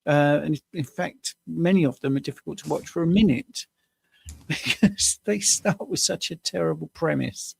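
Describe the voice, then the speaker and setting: A man's voice: a little high, normal speed, gravelly, slight background noise. A man co-hosting a casual chat, jokey and self-deprecating, telling stories. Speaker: co-host.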